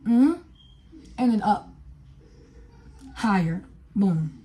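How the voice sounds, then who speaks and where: Working through a makeup tutorial, a young beauty vlogger chats with viewers in a relaxed way, her speech full of fillers. She has a dark-toned, mid-range voice and draws out her words.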